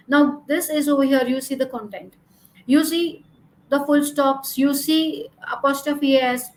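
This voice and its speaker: A woman's voice: high voice, rough recording. A woman exam coach teaching a lesson over slides, speaking in an instructive way, repeating her points and using "you know" as a filler.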